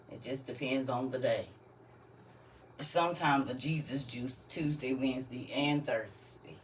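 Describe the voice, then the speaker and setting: A woman's voice: rumbling low, a little slow, long pauses, recorded from a distance, slight background noise. A woman hosting a live stream, talking casually and half-preachy to her viewers and laughing often.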